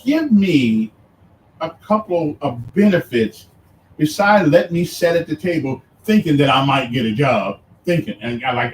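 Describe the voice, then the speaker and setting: Male radio host, lively and pushy, stumbles and repeats himself, mic in a roomy space at some distance. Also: on the high side, slight background noise. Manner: animated, halting and repetitive, challenging. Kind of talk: radio debate. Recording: roomy distant sound with faint ambience.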